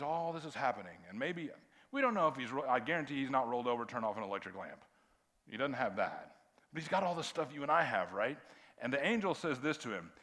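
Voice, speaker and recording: A middle-aged man, a pastor giving a conversational sermon that swings between hushed quiet and loud emphasis. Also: fairly high pitch. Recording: long reverb of a large hall.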